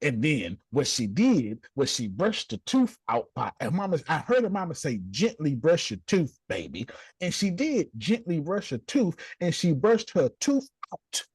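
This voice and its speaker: Lively husky man preaching with swings. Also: normal speed, hardly any pauses, no echo. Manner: animated, swings from low asides to high exclamations; blunt slangy with casual swearing. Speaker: host leading a group discussion. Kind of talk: preacherly motivational talk.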